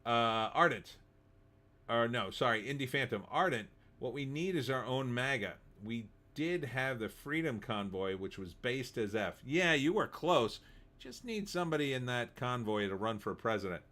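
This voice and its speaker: A man's voice: mid-range voice, sharp tone. A middle-aged man hosting a live stream, reading chat messages and mocking them in sarcastic, laughing commentary. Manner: sarcastic, laughs often, mocking put-on voices. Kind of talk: casual commentary.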